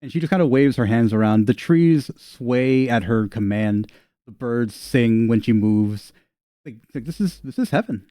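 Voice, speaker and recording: A man's voice: mid-range voice, normal speed, dark tone, clean tone, no echo, clean studio sound. A man narrating as game master in a playful, laughing way.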